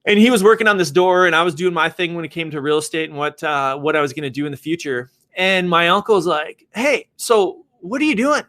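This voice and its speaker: Animated man telling a personal story. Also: a little high, quick pace, hardly any pauses. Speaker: real estate agent and developer.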